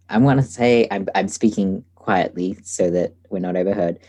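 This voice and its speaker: A man playing in a tabletop role-playing game, talking in a calm, measured way. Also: low voice. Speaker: player.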